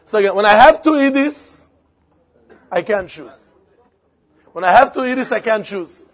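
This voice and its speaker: Male Talmud teacher, Yiddish-inflected accent, husky high voice, animated sing-song reasoning, muffled lo-fi audio. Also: normal speed. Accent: Yiddish-inflected English. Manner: animated, repetitive, sing-song argument with frequent questions. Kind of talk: Talmudic lesson.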